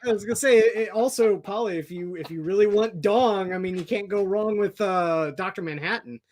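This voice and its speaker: A man's voice: high voice, normal speed, darkish tone. A man co-hosting a live stream, chatting casually and laughing often. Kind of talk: casual livestream chat.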